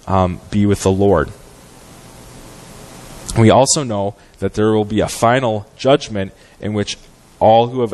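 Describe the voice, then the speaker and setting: A man with a fairly low voice preaches a sermon. His delivery is earnest and measured, and he often pauses on fillers as he works through scripture. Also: poor audio. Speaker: guest preacher. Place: church sanctuary.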